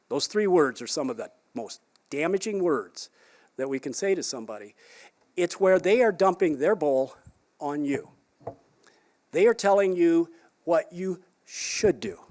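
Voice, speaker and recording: A psychologist giving a conference talk to caregivers in a conversational way, asking the audience rhetorical questions and adding wry, down-to-earth humor. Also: male voice, high-pitched, expressive, moderate pace, pauses often, a little mellow. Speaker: psychologist presenter.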